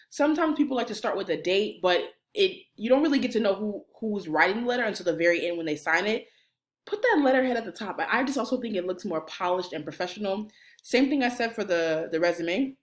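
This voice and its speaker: Lively, playful woman coaching on camera. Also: medium pitch. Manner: animated, playful, talks straight to the viewer. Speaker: college career services director. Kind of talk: energetic instructional video.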